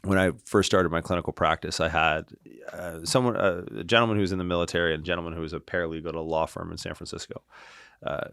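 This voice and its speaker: A man guesting on a podcast as a clinician, telling stories in an animated, casual way that often checks in with "right?" and swears freely. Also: deep voice, fast, creaky, clear, resonant tone, no room sound, studio quality. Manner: animated, tags lines with "right?" and "like". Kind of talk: casual interview storytelling.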